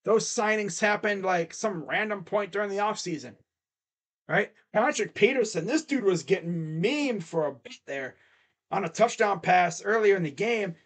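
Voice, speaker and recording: A man's voice: high-pitched, expressive, moderate pace, a bit bright. A young man casually recapping football stats and picks, chatty with mocking asides. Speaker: sports picks host.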